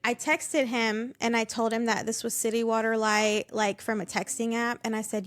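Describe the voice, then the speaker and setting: A woman co-hosting a podcast, chatting casually and telling animated stories with frequent laughter. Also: on the high side, normal speed. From southern United States. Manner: animated storyteller, laughs often. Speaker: podcast co-host. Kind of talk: casual chat.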